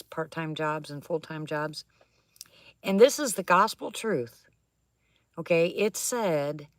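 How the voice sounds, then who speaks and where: This low-voiced woman is captured in clean studio sound with no echo. She's a livestream host chatting casually from an attic at home, reading viewer messages, answering by name, and laughing a lot.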